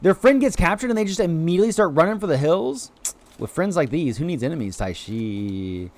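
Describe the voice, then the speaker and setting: A man streaming a video game live, chatting excitedly to viewers and cheering on his creatures, with sudden high-pitched exclamations. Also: fast, no echo. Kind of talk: live gameplay commentary.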